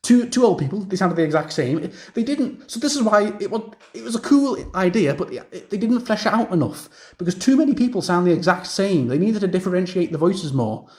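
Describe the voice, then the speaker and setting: A man's voice: high voice, lively intonation, brisk, few pauses, darkish tone. A young man rambling through a casual video game review rant, repeating himself and using lots of fillers.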